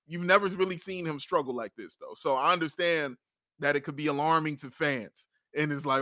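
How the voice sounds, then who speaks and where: A man co-hosting a casual sports podcast, excitable, laughing often and repeating himself as he talks. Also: on the high side, normal speed, no room sound, studio quality. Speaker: podcast co-host.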